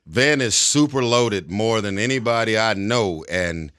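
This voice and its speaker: A man in his forties, a guest in an interview, talking in a relaxed way, chuckling and putting on mock voices as he tells stories. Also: fairly low pitch, unhurried, clear, resonant tone, no echo, studio quality. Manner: laid-back, chuckling storyteller who puts on mock voices. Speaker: actor and singer, interview guest.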